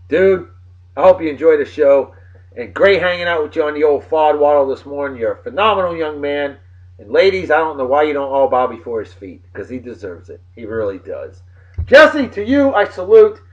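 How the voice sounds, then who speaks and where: A man from New of the region, hosting a casual video blog with boisterous, jokey shout-outs. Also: fairly high pitch, lo-fi sound. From New England.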